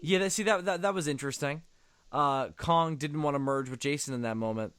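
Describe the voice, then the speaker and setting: A man's voice: on the high side, fairly quick, fairly bright tone, clean tone, no room sound. A man giving casual, sarcastic commentary on a movie, swearing often.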